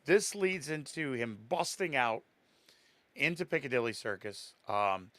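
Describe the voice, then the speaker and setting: A man's voice: medium pitch, measured pace, dry recording. A man co-hosting a podcast, chatting casually about a horror film and laughing as he acts out lines. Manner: laughing, animated retelling with acted-out quotes. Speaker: podcast co-host. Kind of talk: casual chat.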